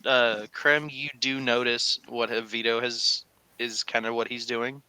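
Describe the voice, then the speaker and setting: A man's voice: medium pitch, a little slow, clear, resonant tone. A man running a tabletop game as game master, narrating scenes with lots of fillers. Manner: animated storytelling with frequent fillers.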